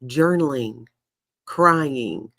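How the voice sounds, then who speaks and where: A woman's voice: extremely low pitch, expressive, very slow, vocal fry, fairly bright tone. A woman speaking as a guest in a candid conversation, sounding reassuring and reflective. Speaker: podcast guest.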